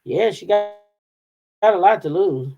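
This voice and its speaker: A woman hosts a casual commentary show. She talks in a sassy, emphatic way and repeats herself for effect. Her voice sits at an average pitch. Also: lively intonation, measured pace, dark tone, muffled recording, faint music behind. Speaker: host.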